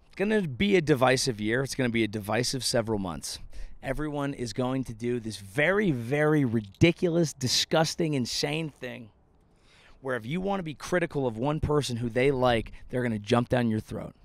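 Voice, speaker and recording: A man's voice: medium pitch, animated, moderate pace, vocal fry, dry recording. A man in his thirties, a comedian hosting his podcast, delivering a profane and sardonic rant from outdoors by a lake. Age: 30s.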